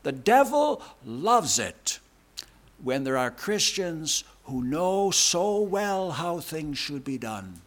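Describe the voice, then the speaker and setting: A man's voice: big pitch swings, slow. A male pastor preaching a sermon, emphatic and repetitive, leaning hard on key words. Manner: emphatic, repetitive preaching with big swings in pitch and loudness.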